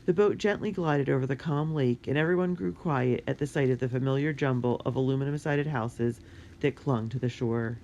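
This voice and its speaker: A narrator reading a children's adventure book in a clear, steady way. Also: mid-range voice, normal speed, dull audio, a little hiss or hum.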